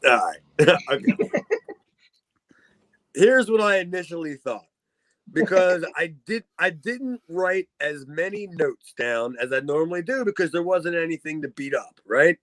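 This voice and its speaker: High-voiced man rambling on a podcast. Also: animated, unhurried, fairly bright tone, dry recording. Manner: rambling, laughs often, swears. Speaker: podcast co-host. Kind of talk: casual chat.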